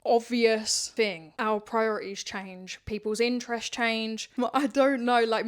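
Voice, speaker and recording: Woman, 30s, podcast host, chatty and candid, slightly high pitch, laughs a lot. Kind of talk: casual monologue to listeners.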